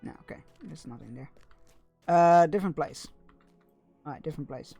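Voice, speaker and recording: A man's voice: a little high, moderate pace, gravelly, dark tone, faint music behind. A man streaming a game, chatting casually with viewers and often stumbling over his words. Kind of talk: casual gameplay commentary.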